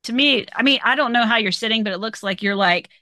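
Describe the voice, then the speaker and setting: Bright teasing woman podcaster. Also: a little high, fast talker, no echo. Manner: laughs often, teasing. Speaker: podcast co-host. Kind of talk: casual chat.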